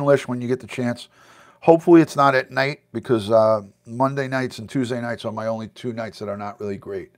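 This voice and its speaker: A middle-aged American man chatting casually on a livestream from his home basement, answering viewer comments as he goes. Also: mid-range voice. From United States. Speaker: livestream host. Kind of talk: casual live-stream chat.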